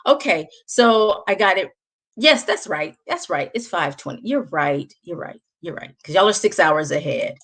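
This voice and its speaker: A woman's voice: lowish voice, lively intonation, moderate pace, a bit bright, husky. Woman, Southern accent, livestream host, casual chat, laughs often, webcam mic at home. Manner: chatty, laughs often, speaks straight to viewers.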